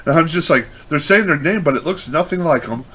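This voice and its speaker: A man's voice: fairly high pitch, lively intonation, fairly quick, bright, forceful tone. Guy rambling in a podcast, um and like everywhere, swears a lot, faint hiss behind. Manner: rambling, filler-heavy, profane. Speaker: podcast co-host. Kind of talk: casual chat.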